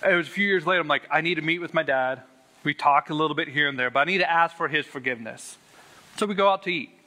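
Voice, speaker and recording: A man's voice: on the high side, very fast, bright, forceful tone. A man earnestly telling his personal faith testimony, stressing words and repeating them for weight. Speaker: Christian sharing a testimony.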